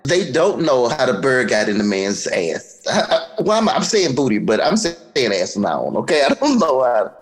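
A man's voice: mid-range voice, very animated, normal speed, hardly any pauses, poor audio. A young man hosting a comedy podcast, chatting casually and breaking into laughter as he reads a story aloud. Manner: laughs often while reading aloud. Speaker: podcast host.

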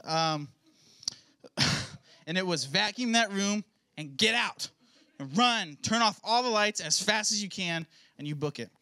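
A man's voice: sits high, expressive, measured pace, pauses often, pushed and bright. A young man, a pastor's son, sharing a personal testimony in a casual sermon style, with joking, self-mocking asides. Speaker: pastor's son giving a church talk.

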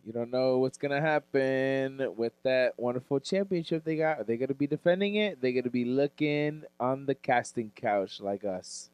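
A man co-hosting a fantasy football podcast, ranting loudly with constant swearing and laughter. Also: medium pitch, normal speed, hardly any pauses, clear, resonant tone, no echo. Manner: loud, swearing rants and laughter. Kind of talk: profane casual sports chat.

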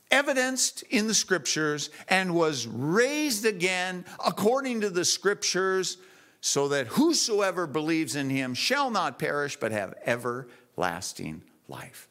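A man preaching a sermon in church, telling stories in a lively, animated way. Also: high-pitched, takes it slowly.

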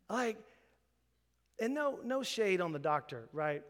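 A man in his thirties preaching a sermon, telling a story and acting out the quoted voices with lively energy. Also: high voice, slow. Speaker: pastor. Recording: long hall reverb.

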